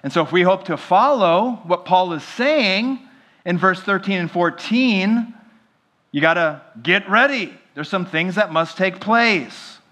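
A man preaching a sermon as pastor, animated and often asking the congregation questions. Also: high voice, a little slow. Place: church.

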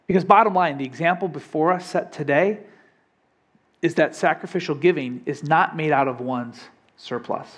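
A man's voice: fairly high pitch, normal speed, a bit bright, husky. A young adult man preaching a sermon in a conversational way, often asking the congregation questions. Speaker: pastor.

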